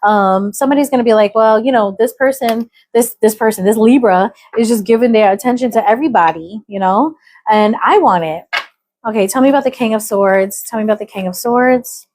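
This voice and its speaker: A woman's voice: a little high, fairly quick, darkish tone. An American woman doing a casual, chatty tarot reading, musing aloud with fillers. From United States. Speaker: tarot reader.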